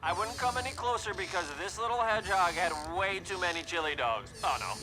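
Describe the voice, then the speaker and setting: A man voicing a cocky young hedgehog hero in an animated film, quick and jokey. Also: sits high, background noise. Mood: goofy. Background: film score.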